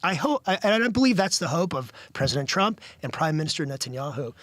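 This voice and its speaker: Man, news interview guest, earnest, halting restarts, slightly high voice, dry close sound. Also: very animated, a bit bright, no echo. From United States. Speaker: guest correspondent.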